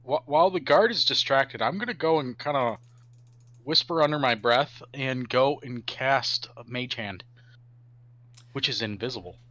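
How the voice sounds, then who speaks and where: Lockerer Mitspieler am Spieltisch. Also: male voice, medium pitch, lively intonation, moderate pace, fairly bright tone, dry recording, highs cut off. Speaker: player. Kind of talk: tabletop role-play.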